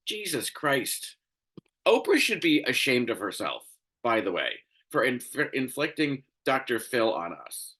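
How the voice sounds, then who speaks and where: A man's voice: a little high, bright, forceful tone. A man hosting a solo commentary show, ranting in a profane, exasperated way, tired and crabby. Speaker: show host.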